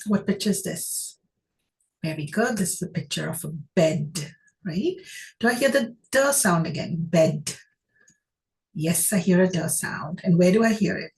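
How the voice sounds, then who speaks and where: A woman's voice: fairly low pitch, lively intonation, normal speed, poor audio. A woman teaching a phonics lesson, who asks her class questions and praises each answer.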